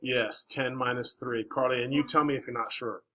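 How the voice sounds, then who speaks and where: Male teacher, classroom, bright tone, encouraging and coaxing. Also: mid-range voice, fairly even intonation, normal speed, rough recording. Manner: encouraging, coaxing questions, many "all right"s. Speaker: math teacher.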